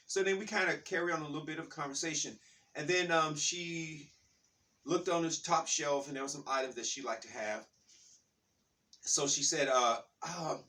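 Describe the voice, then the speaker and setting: A man telling a rambling, animated story in a casual spiritual talk, with many restarts. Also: on the high side, moderate pace, far from the mic.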